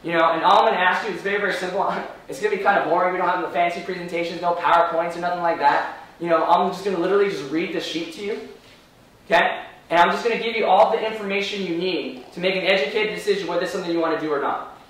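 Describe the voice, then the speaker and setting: A man leading a live sales training, energetic and firing rhetorical questions at the room. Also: sits high, racing. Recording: very echoey room from far off.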